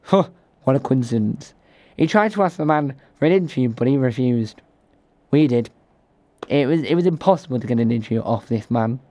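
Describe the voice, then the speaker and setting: A man reading mock news items and a spoof advert on a comic radio show with a brisk announcer delivery. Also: mid-range voice, lively intonation, dark tone, no room sound.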